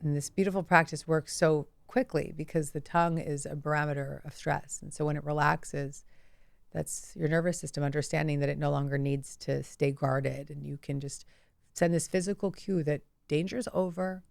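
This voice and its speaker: A woman teaching guided relaxation, coaching softly and slowly with breath cues. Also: low-pitched, steady tone, gravelly, no echo. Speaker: self-help teacher.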